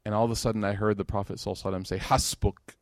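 At a religious gathering, a man gives an informal, conversational sermon, tossing in joking asides and growing emotional over scripture. His fairly low, slightly mellow voice keeps a level tone while he talks very fast, and the recording is clean studio sound with no room echo.

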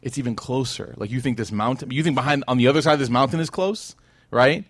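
A man's voice: mid-range voice, quick pace, no echo. A man giving a storytelling religious lecture to a live audience, full of rhetorical questions and acted-out quotes. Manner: animated, with rhetorical questions to the crowd; acts out quoted people. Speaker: religious teacher.

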